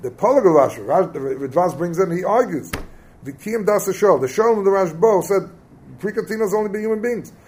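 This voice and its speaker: Man, fairly high voice, Talmud class lecture, explanatory, Hebrew terms, questions to students. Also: animated, a little fast, darkish tone, slight background noise. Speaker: Torah teacher.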